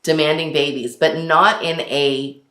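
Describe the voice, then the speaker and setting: A woman's voice: sits low, steady tone, unhurried, sharp tone. A woman in her forties hosting a casual chat, talking freely with frequent laughs and filler words. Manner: chatty, laughs often, many fillers. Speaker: host. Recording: echoey room.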